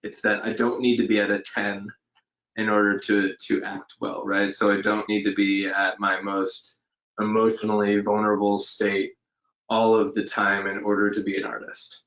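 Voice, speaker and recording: A man with a fairly low voice talks through his answers slowly and reflectively. He hesitates, restarts his sentences and fills the pauses with "um". The talk is casual, recorded at home for an interview. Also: flat delivery, fairly bright tone, low-quality recording. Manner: thoughtful, hesitant, many fillers and restarts. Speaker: actor guest. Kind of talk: casual interview over video call. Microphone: home setup during lockdown.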